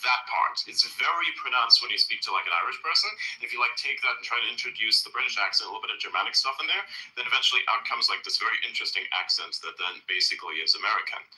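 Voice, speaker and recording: A man's voice: medium pitch, lively intonation, rapid-fire, hardly any pauses, pushed and bright, reverberant, poor audio. A man hosting a podcast in casual chat, rambling and loose, swearing freely. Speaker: podcast host.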